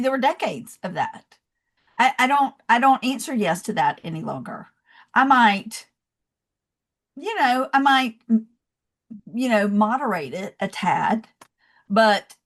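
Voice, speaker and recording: A woman with a Southern US accent, a little higher-voiced than most, chatting as a podcast guest. She tells her stories with animated energy and scatters "you know" through her sentences. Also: unhurried. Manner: animated storyteller, many "you know" fillers. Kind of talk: casual interview chat.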